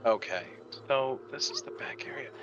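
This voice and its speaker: A man's voice: mid-range voice, moderate pace, gravelly, fairly bright tone, dull audio, a little hiss or hum. A man playing a tabletop game who casually and tentatively asks the game master questions. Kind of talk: casual chat.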